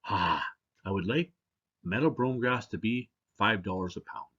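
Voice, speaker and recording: A man voicing a stubborn male farmer making wishes, plain-spoken, with a husky voice on a dull recording. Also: on the low side, measured pace, a bit bright. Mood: hopeful.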